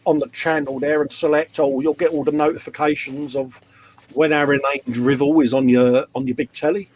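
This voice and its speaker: An Englishman with a fairly high, level voice hosts a live model-building stream at a moderate pace. His tone is a little mellow, and he jokes around and reads viewer comments aloud in casual banter.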